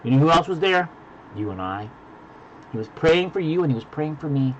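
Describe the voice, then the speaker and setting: A man preaching a sermon as pastor, dropping to hushed, deliberate lines and building to loud emphasis. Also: fairly high pitch, expressive, dull audio, slight background noise. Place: virtual church service.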